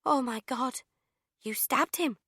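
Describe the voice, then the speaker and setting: A woman's voice: sits high, slow pace, sharp tone, husky, dry recording, voice pushed up, heavily acted. A frightened young woman speaks in a raised, pleading voice, as a woman reader puts her on. She sounds anxious and close to tears. The voice is dry and close, with no room around it. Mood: distraught. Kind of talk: audiobook character voice.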